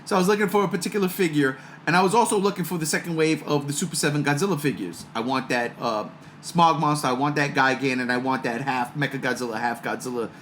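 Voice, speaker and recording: A man hosting a casual fan chat, excitable and laughing as he talks. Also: fairly high pitch, fast, a little hiss or hum. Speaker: podcast host.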